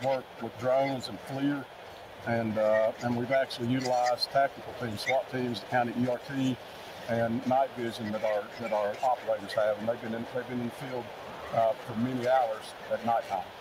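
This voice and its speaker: Man, emergency management director, monotone delivery, outdoor briefing, steady background noise. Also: medium pitch. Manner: steady, lists resources with frequent restarts. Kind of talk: press briefing. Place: outdoors at a search site.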